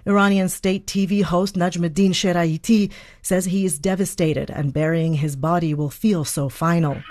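A woman foreign correspondent reading a scripted news report in a steady, even way. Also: lowish voice, moderate pace.

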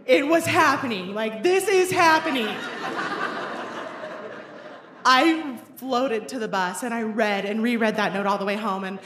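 A woman of forty telling a personal story at a live show, wry and self-deprecating with lively comic timing. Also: mid-range voice. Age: 40s. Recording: roomy echoey venue sound.

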